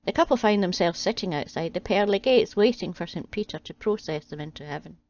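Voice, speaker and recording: A woman reading a string of jokes aloud in a steady, deadpan way. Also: on the low side, a little fast. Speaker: channel host reading jokes. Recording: dry, slightly dull home audio.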